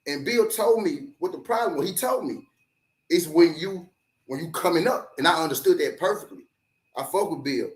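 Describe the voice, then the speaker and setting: A man's voice: on the high side, moderate pace. A man hosting a sports talk show, ranting heatedly and profanely, repeating himself and mimicking critics. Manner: animated, profane, repetitive, does mocking voices of critics. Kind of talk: heated solo rant to camera. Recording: echoey room.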